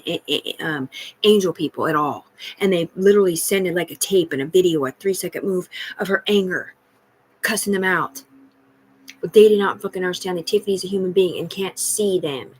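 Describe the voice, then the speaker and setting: A woman's voice: lowish voice, fairly quick, a little hiss or hum, low-quality recording. Agitated, profane woman livestreaming. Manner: profane, agitated, jumps between topics. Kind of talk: rambling live-stream monologue.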